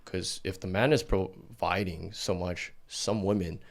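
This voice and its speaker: A man's voice: sits low, steady tone, measured pace, gravelly. A man hosting a casual podcast interview, blunt and profane, challenging his guest. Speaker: podcast host.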